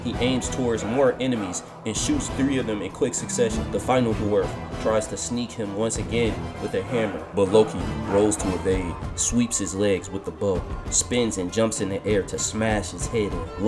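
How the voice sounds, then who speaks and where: A man reading a scripted fan-fiction story, calling out the action beat by beat in steady narration. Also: on the low side. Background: background music.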